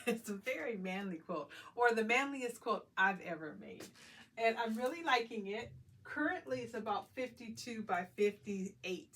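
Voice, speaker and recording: A woman's voice: mid-range voice, fairly bright tone, slight background noise. A middle-aged woman talking casually as she works on a quilt, thinking aloud and laughing often. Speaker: quilting vlogger. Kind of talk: casual talk while working.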